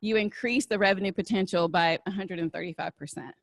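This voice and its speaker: A woman's voice: medium pitch, brisk, vocal fry, no room sound. Woman speaker with a Southern accent. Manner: conversational, asks "right?" often. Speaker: diversity and inclusion speaker. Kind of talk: live talk with audience Q&A.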